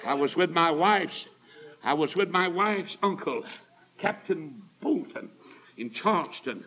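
Emphatic preacher, high voice. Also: male voice, animated, measured pace, a crowd in the background, rough recording. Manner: folksy, emphatic, rising to shouts. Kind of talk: storytelling sermon.

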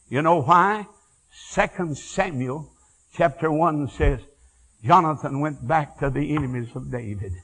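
A man, an evangelist preaching a fiery revival sermon, telling folksy stories between shouted exclamations. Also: fairly high pitch, poor audio. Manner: shouting bursts, drawn-out exclamations, folksy asides.

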